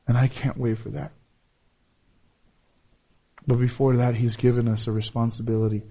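With a gravelly voice and level tone, a pastor preaches at a moderate pace, returning to key phrases. He moves back and forth between booming emphasis and low, soft delivery.

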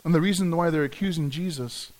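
A man's voice: on the high side, fast talker, a little mellow. A man preaching a sermon, earnest, often repeating words as he restarts a phrase. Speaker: pastor.

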